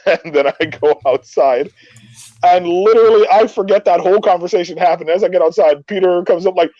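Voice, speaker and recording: A man telling a rowdy story to his friends on a podcast. He talks in a boisterous, profane way and gets loud when he quotes himself. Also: sits high, a little fast, no echo, highs cut off. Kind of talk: casual storytelling among friends.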